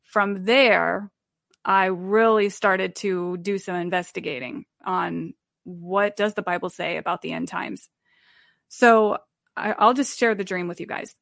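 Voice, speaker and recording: A woman's voice: medium pitch, fairly even intonation, unhurried, gravelly, a bit bright, no room sound, clean studio sound. A woman guest telling her faith testimony in an earnest, rambling way, with many fillers and restarts. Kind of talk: sharing a personal faith testimony.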